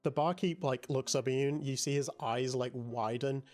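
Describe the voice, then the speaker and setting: A man's voice: mid-range voice, fairly even intonation, moderate pace, darkish tone. Casual man narrating a tabletop game. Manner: casual, hesitant, many fillers. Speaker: game master.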